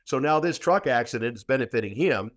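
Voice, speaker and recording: A man's voice: medium pitch, expressive, a little fast, dry recording, clean studio sound. A man, a guest practitioner, telling a long story in a podcast interview, emphatic and repetitive with many restarts.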